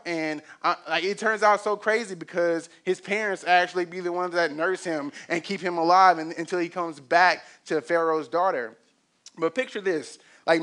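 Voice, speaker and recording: Young male pastor, high bright voice, animated storytelling sermon. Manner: animated storytelling with acted quotes and laughs.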